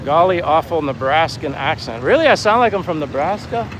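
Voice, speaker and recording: A man's voice: on the high side, animated, a little fast. Fifties male vlogger from Pennsylvania, friendly rambler, slightly raised voice, phone mic outdoors with faint wind noise. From Pennsylvania, USA. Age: 50s. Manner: rambling and friendly, reads chat comments aloud. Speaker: vlogger, live-stream host. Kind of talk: casual live-stream chat while walking. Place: outdoors by the sea in a town. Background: breeze and faint street and boat sounds.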